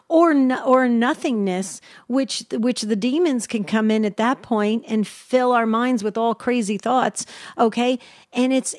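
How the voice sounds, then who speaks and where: A woman hosting a call-in radio show, warmly enthusiastic and heaping praise on her caller. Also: on the high side, dry recording, studio quality.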